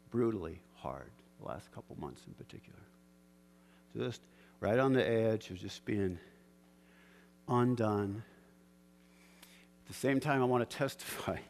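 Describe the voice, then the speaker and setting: A man preaching a sermon, moving between quiet personal reflection and loud, fervent storytelling with bursts of laughter. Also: lowish voice, in a large hall, slight background noise. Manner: builds from soft reflection to shouted fervor, with laughs.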